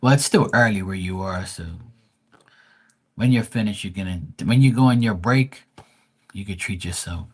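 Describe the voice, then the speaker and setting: A man's voice: fairly low pitch, moderate pace, long pauses, slightly rough. A man reading tarot cards and chatting casually with viewers on a live stream, calling them by name and swearing lightly.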